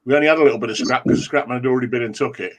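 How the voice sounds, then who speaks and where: A man's voice: mid-range voice, very fast. A man co-hosting a casual chat, jokey and laughing often.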